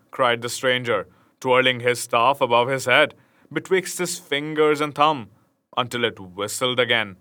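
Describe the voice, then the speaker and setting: Male storybook reader, unhurried and expressive, bright voice, casual asides. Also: mid-range voice. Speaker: narrator. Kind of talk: reading a classic storybook aloud.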